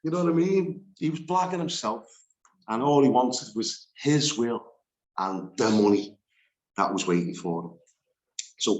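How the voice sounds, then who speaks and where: A man teaching a Bible study, animated and laughing between his points as he reads scripture aloud. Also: mid-range voice, measured pace, long pauses, echoey room.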